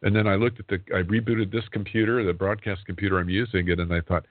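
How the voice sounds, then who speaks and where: A man in his fifties hosts a talk radio show, rambling casually and often laughing as he talks. His low-pitched voice is fast with hardly any pauses, and the internet radio audio is dry, phone-like and free of echo.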